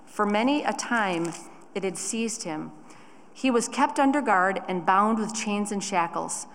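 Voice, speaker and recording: A woman's voice: mid-range voice, expressive, fairly bright tone. Woman reading scripture in reverberant church. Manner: slow, measured reading. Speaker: scripture reader. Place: church sanctuary.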